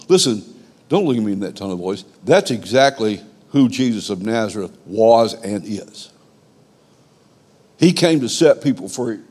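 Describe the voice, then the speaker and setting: Slow, emphatic preacher in a reverberant hall. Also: male voice, fairly low pitch, a little mellow. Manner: emphatic, repetitive preaching cadence. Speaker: pastor. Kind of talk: sermon. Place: church sanctuary.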